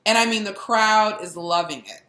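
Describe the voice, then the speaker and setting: A young adult woman hosting a casual political chat, animated and laughing, often mimicking people. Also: medium pitch, moderate pace. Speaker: podcast host. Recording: echoey room.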